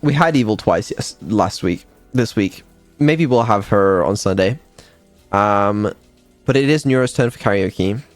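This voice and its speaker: A man's voice: fairly low pitch, expressive, unhurried, faint music behind. A man, a developer and streamer, chatting casually on a live dev stream, laid-back and mumbling, with ums and the odd swear.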